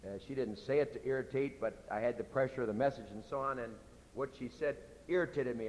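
Man, middle-aged pastor: earnest, plain-spoken sermon, drops quiet for confessions; hall echo, faint rumble. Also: fast. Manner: earnest, conversational preaching, drops soft and low for personal confessions. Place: church sanctuary.

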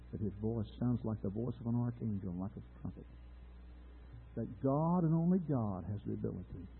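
A man's voice: fairly low pitch, gravelly, slight background noise. A man preaching an earnest, emphatic sermon to his congregation. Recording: tinny phone-like sound with faint music.

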